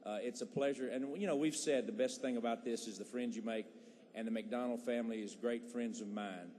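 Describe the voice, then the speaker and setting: A man of middle pitch pays tribute slowly and hesitantly, filling his pauses with "uh". His voice rings with a long reverb in a large legislative hall, over faint background noise. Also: warm tone. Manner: hesitant, full of fillers. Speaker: state legislator. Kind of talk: floor tribute speech.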